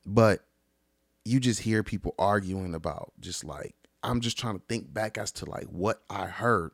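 A man casually ranting about travel stories, profane and animated, acting out the people he quotes. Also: fairly quick, no echo, studio quality. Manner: animated, profane, acts out quoted people with big pitch jumps. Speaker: vlogger. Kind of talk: casual storytelling rant.

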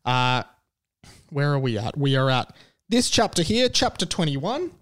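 A man's voice: mid-range voice, big pitch swings, a little slow, a bit bright. A young man hosting a casual podcast, joking around, laughing often and explaining the story. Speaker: podcast host.

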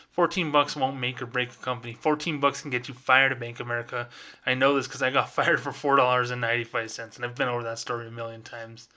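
A man hosting a podcast, ranting casually and fast, with lots of filler words. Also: mid-range voice, pushed and bright. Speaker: podcast host.

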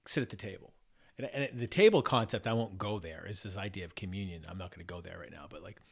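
A man with a low-pitched, gravelly, slightly rough voice talks quickly as a guest in a casual podcast conversation. He's reflective, often restarting and repeating words as he works through ideas.

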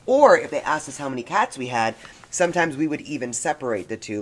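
A woman's voice: sits low, sing-song, fast talker. A woman co-hosting a podcast in casual chat, teasing her partner with dry quips. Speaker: podcast co-host.

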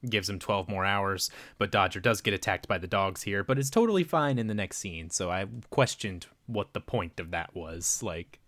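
A man casually recapping a movie plot, rambling with many fillers and quick voiced quotes. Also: low voice, expressive, fairly bright tone, dry recording. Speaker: podcast co-host.

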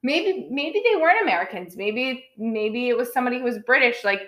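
A woman's voice: a little high, expressive, brisk, fairly bright tone, echoey room. A woman chatting casually about short films, rambling with many fillers and restarts. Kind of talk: casual film review chat.

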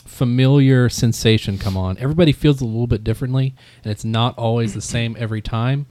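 A man narrating as game master of a tabletop game, in a relaxed, halting way. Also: medium pitch, no echo.

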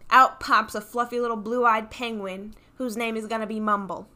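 A woman co-hosting a comedy podcast, recapping a film in a casual, animated way with lots of fillers. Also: fairly high pitch, moderate pace. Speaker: podcast co-host. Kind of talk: casual stoner movie recap.

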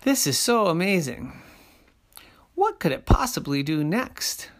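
A storyteller telling a children's story in a slow, sing-song way, dropping to soft asides. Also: medium pitch, sing-song.

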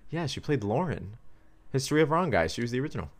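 A man's voice: mid-range voice, very animated, fast talker. A young man from Wales, chatting casually and jokily as a podcast co-host. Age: young adult. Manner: chatty, jokey, restarts often. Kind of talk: casual chat.

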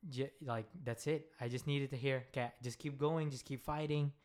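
A young man co-hosting a casual chat, telling stories in an animated way and laughing as he talks. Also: medium pitch, moderate pace. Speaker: co-host. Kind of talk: casual chat mixing two languages.

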